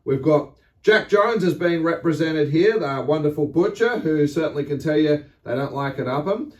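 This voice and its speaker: Enthusiastic, chatty hobby vlogger. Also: male voice, a little high, lively intonation, normal speed. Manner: enthusiastic, chatty and theatrical, with exclamations and fillers. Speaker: model railway channel host. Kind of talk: casual unboxing vlog.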